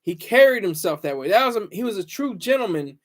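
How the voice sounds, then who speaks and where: A man with a notably high voice for his sex holds a solo talk-show monologue. He talks in a halting, wandering way, often restarting words and leaning on fillers, with an earnest, reflective tone. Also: big pitch swings. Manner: halting and rambling, repeats words, many fillers. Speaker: show host.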